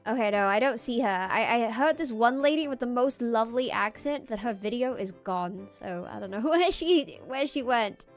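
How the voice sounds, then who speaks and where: A woman's voice: fairly high pitch, lively intonation, normal speed, hardly any pauses, soft background music. An American woman streaming, reacting to videos in playful, meandering casual commentary. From United States.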